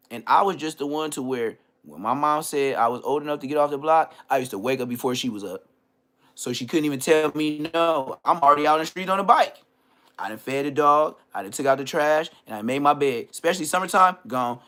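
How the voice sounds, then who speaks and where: A man from Southern California hosting a livestream, ranting in a casual, comedic way with stammered restarts and frequent throat clearing. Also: a little high, a bit bright. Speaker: livestream host.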